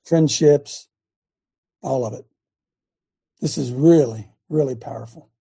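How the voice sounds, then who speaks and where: Speaking slowly in a mid-range, gravelly, warm, slightly rough voice, a man hosts an online faith show and preaches casually to a live audience. He addresses viewers directly, asks many repeated questions, and often restarts his sentences.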